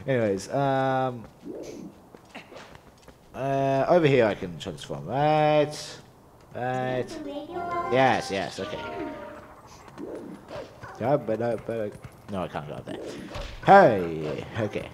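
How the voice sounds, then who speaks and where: A man's voice: lowish voice, expressive, a little slow, pauses often, darkish tone, faint music behind. A man casually commenting on his own gameplay as a let's play host, mumbling to himself and cracking jokes.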